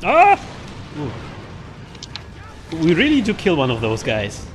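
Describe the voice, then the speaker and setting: A man's voice: a little high, takes it slowly, a little hiss or hum. A man hosting a co-op game session in casual chat, joking and laughing often. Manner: laughs often, excitable, jokey. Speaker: gamer hosting a co-op stream.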